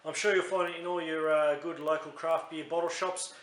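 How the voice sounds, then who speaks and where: A man's voice: a little high, little pitch movement, a little fast, a bit bright, reverberant. An Australian man reviewing a beer in a casual, chatty, rambling way, often correcting himself mid-sentence.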